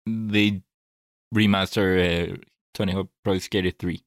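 A man with a fairly low voice talks earnestly about games as a podcast co-host. He reflects aloud and restarts his sentences as he thinks. The sound is close and dry, with no room around it. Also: fairly even intonation, measured pace, no echo. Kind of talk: casual chat.

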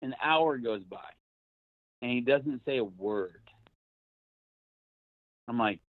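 A man in his thirties, a podcast guest, tells a golf story in a casual, loose, chatty way, saying "like" a lot and cursing now and then. His mid-range voice is a little slow with frequent pauses, heard over a dry, tinny, phone-like line.

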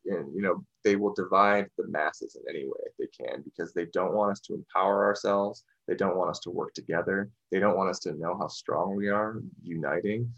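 A man's voice: low voice, normal speed, gravelly, few pauses, a bit bright, highs cut off. A man talking in a casual podcast discussion, rambling and restarting, full of "you know".

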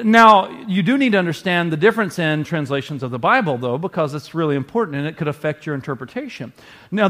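A man's voice: a little high, fairly bright tone. A man preaching a sermon to his congregation in a conversational, earnest way. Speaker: pastor.

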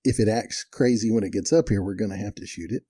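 A man's voice: on the low side, fast, breathy edge, no echo, clean studio sound. Folksy older man telling ranch stories. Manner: folksy, chuckling, animated in quoted dialogue. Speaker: storyteller. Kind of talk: casual storytelling.

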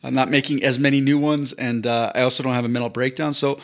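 A man's voice: mid-range voice, flat delivery, fast. Teasing man with a stammering delivery. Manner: teasing, stammers and repeats words. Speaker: podcast co-host. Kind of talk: casual chat.

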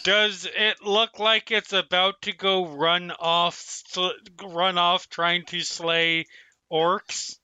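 A man's voice: high-pitched, level tone, slow, pushed and bright, smooth, no room sound. A man playing a tabletop game, thinking through questions methodically. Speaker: player. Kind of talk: casual tabletop play.

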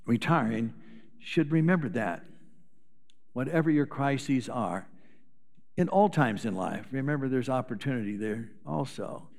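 A man's voice: mid-range voice, a little mellow, long reverb tail. An older man, a retired pastor, preaching a sermon in a folksy storytelling way, sharing anecdotes. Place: church sanctuary.

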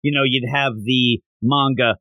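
A man co-hosting a podcast, recapping a story in casual chat and acting out the characters' lines in quick little voices. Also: medium pitch, fairly even intonation, no echo, lo-fi sound. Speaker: podcast co-host reviewing manga.

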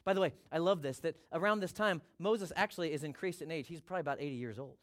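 High-voiced energetic male preacher. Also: fast talker. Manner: energetic, emphatic, repeats key points. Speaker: pastor. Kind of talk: sermon.

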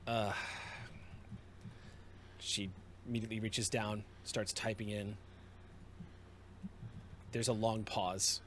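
A man running a tabletop game as game master, narrating scenes in an unhurried, descriptive way with small restarts. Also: fairly low pitch, little pitch movement, a bit bright, slight background noise.

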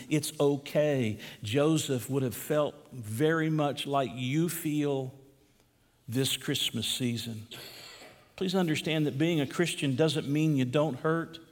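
Preaching man in a reverberant hall. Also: medium pitch. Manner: preaching with dramatic swings between hushed and raised delivery. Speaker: pastor. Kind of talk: sermon.

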